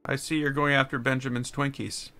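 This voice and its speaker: A man's voice: medium pitch, level tone, a little fast, bright, forceful tone. A man streaming a building game live, complaining and ranting as he plays, with keyboard typing behind him.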